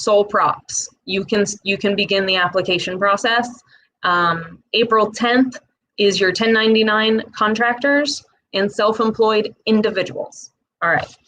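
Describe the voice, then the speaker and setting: A Midwestern woman at a mid pitch, explaining things plainly in a chatty, direct manner. She breaks off for quick asides and fillers. A faint hiss of noise sits under her voice. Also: a bit bright, low-quality recording. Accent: Midwestern American. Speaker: host explaining a small business loan program. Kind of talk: casual explainer talk to camera.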